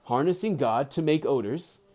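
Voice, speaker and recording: A man reading aloud voices a plump, bearded saint who speaks in a gentle, measured way. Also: on the high side, expressive, lightly acted. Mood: calm. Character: plump bearded male saint, calm and kindly.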